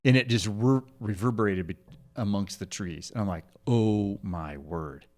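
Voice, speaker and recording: A man's voice: on the low side, a little fast. A father in a casual podcast chat, telling a family story with laughter and restarts. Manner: animated storyteller who laughs easily. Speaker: parent guest.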